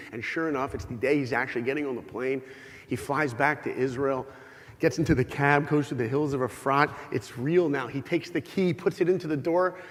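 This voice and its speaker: A man giving a storytelling talk to a live audience, acting out quoted voices as he goes. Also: a little high. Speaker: speaker. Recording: long hall reverb.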